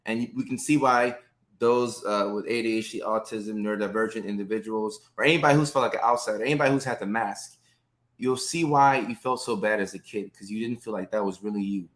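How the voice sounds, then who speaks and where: A man's voice: fairly low pitch, brisk. Upbeat man in his thirties hosting a live stream. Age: 30s. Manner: upbeat, greets viewers by name, many fillers. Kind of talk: casual live-stream chat with viewers.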